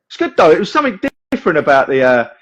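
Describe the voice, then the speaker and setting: Male host, chatty storyteller, slightly raised pitch, husky tone, dull lo-fi sound. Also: rapid-fire. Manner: chatty storyteller, lively, swears, acts out voices. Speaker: podcast host and magician. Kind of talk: casual chat.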